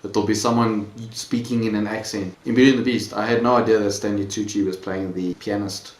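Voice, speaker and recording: A man's voice: on the low side, fairly even intonation, a little fast. A young man chatting casually about movies, laid-back and rambling, with lots of "like". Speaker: movie vlogger. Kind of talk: casual chat. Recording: echoey room, faint background noise.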